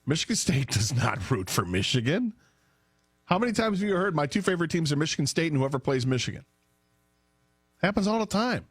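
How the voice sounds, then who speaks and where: A man's voice: a little high, very animated, brisk, long pauses, husky, no echo, clean studio sound. A man co-hosting a sports talk radio show, arguing a point with firm emphasis. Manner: opinionated, argues with emphasis. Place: radio studio. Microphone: studio microphone.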